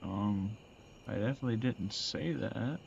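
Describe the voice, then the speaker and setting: A man playing a video game and reacting aloud in casual, halting chat. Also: lowish voice, vocal fry, darkish tone, husky, muffled recording. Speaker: gaming streamer. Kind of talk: casual let's-play chat.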